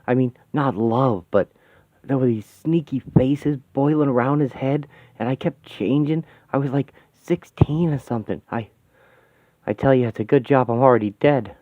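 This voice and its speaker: A man's voice: medium pitch, moderate pace, no echo, close to an everyday voice. A man voicing a brash, blunt dead woman. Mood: rattled. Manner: blunt, folksy, swears easily. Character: brash grieving middle-aged woman, dead and adrift. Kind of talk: fan radio-play comic reading. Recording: tinny, dry, phone-like sound.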